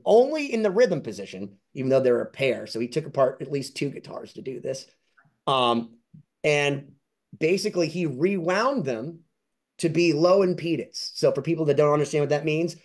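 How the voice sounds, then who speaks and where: A man telling excited, rambling anecdotes as an interview guest and collector, acting out other people's lines in high voices. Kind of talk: casual storytelling.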